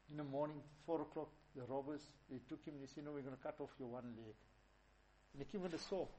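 A man's voice: fairly high pitch, a little mellow, slightly rough, low-quality recording. A man giving a sermon, telling stories in an emphatic, repetitive way. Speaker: preacher. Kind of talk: sermon storytelling.

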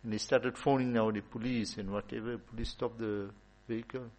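A man's voice: fairly low pitch, steady tone, a little fast, darkish tone, low-quality recording. A man giving an informal religious talk, telling stories and repeating points for emphasis. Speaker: religious teacher.

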